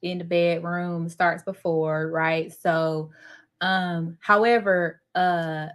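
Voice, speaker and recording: A woman with a lowish voice answering a panel question in a blunt, frank, casual way. She talks loosely and laughs easily. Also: level tone, slow pace. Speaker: panel guest. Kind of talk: casual live Q&A chat.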